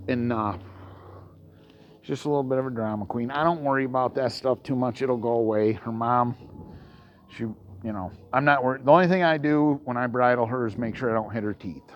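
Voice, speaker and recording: A man's voice: medium pitch, highs cut off, slight background noise. A man who trains horses, chatting casually and hesitantly on camera while working a horse outdoors, with frequent ums and restarts. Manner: calls out loudly to the horse.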